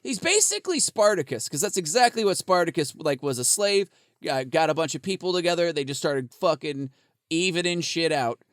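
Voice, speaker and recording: A man's voice: fairly high pitch, very animated, a little fast, a bit bright, dry recording, studio quality. A man co-hosting a podcast, rambling casually with lots of swearing and laughter. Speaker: podcast co-host.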